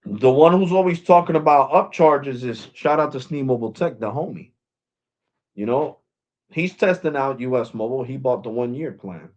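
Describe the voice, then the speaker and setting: A man's voice: medium pitch, normal speed, lo-fi sound. A man, a tech YouTuber, ranting in a casual vlog, emphatic and rambling, repeating himself as he drives a point home.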